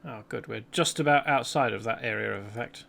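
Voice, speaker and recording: Chatty man with a gravelly voice. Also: mid-range voice, brisk, fairly bright tone. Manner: rambling, chatty, self-correcting. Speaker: let's play host. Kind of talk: casual gameplay commentary.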